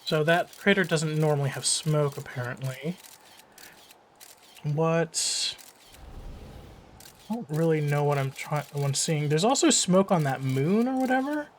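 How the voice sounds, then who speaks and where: A man's voice: a little high, animated, measured pace, pauses often, slight background noise. A man thinking aloud as he plays a game, musing and asking himself questions between fillers. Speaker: let's play host. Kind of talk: casual gameplay commentary.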